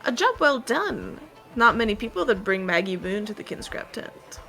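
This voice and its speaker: A woman voicing a proud, wary male ship captain who speaks in a measured, formal way. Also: medium pitch, big pitch swings, vocal fry, sharp tone, soft background music, heavily acted. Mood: stern. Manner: measured, formal, deliberate speech.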